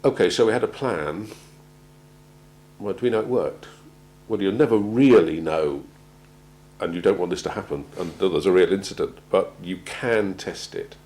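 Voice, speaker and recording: A man gives a measured talk on crisis planning, often pausing and repeating words as he goes. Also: low-pitched, a little mellow, rough recording. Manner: measured, halting, repeats words while finding them. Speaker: presenter on organisational crisis planning. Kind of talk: prepared talk to an audience.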